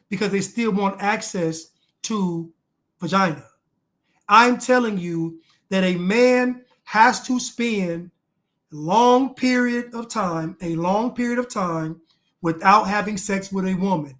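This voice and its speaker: A man's voice: sits high, a little slow, fairly bright tone. A man reacting to clips with blunt, emphatic commentary, repeating lines for emphasis.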